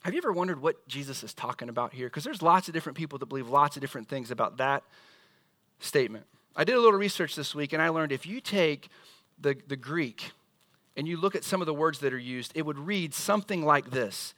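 A male pastor preaching a sermon in a lively, conversational, storytelling way. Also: a little high, fairly quick, no room sound, studio quality.

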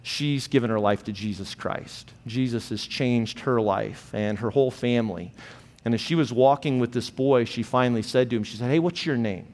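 A male pastor preaching an earnest sermon, slowing down deliberately on key phrases. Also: medium pitch, fairly even intonation, darkish tone. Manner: earnest, measured, slows for emphasis. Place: church sanctuary. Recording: long hall reverb in a church.

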